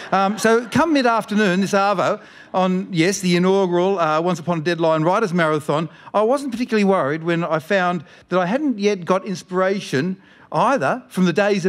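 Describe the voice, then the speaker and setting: A middle-aged Australian man with a fairly high voice reads his own comic story to a live audience. He rambles through it, dropping deadpan asides and jokes between the lines. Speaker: writer reading his story.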